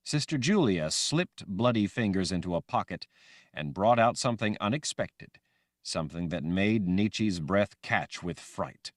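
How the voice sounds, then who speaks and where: A man reading a fantasy audiobook aloud in a dramatic, expressive way. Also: deep voice, unhurried, dry recording, clean studio sound. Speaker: audiobook narrator. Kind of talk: scripted fantasy audiobook narration.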